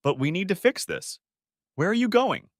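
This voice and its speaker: A man's voice: high-pitched, very animated, normal speed, dry recording, clean studio sound, pitched above the performer's own voice. Man doing a sobbing, pleading wife. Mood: shaken. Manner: tearful, begging. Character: heartbroken middle-aged wife, pleading and sobbing.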